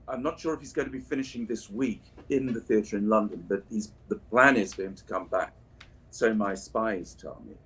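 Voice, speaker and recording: A man's voice: fairly low pitch, breathy edge. A voice actor chatting casually on a livestream while signing prints, drifting through anecdotes and restarting his sentences. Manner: rambling, anecdotal, many restarts and asides.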